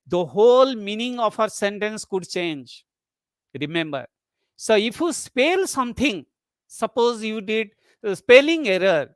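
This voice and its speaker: In an online webinar, a methodical lecturer gives an academic talk step by step, defining terms and then restating them so they sink in. The pitch is middling, and the recording is close and dry, with no room sound or echo.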